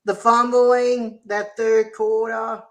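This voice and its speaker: A man's voice: very high voice, flat delivery, slow pace. An Australian man in a fan chat, angry and swearing as he retells what others said. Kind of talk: casual chat.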